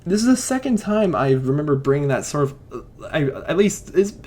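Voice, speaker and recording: A man's voice: a little high, sing-song, brisk, a little mellow. A young man giving a casual film review, rambling and enthusiastic, with many fillers and restarts. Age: young adult. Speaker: movie reviewer.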